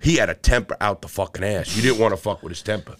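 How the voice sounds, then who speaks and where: A man's voice: on the low side, fast talker. A middle-aged man with a Brooklyn accent, a podcast guest telling stories full of swearing and acted-out dialogue. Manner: swears constantly, animated storyteller acting out dialogue. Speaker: podcast guest, former jewel thief. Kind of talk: profane storytelling.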